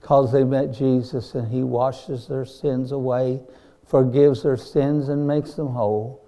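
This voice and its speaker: Male preacher, very dark mellow voice, fervent sermon delivery with emphatic peaks. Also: mid-range voice, steady tone, measured pace. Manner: fervent, repeats "my friend", rises to emphatic peaks.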